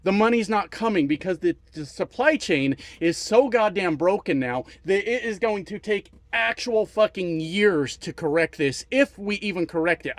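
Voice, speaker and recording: Profane, heated man ranting, high voice. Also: no room sound. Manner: profane, heated, repeats for emphasis. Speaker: trucking YouTuber. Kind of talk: casual political rant.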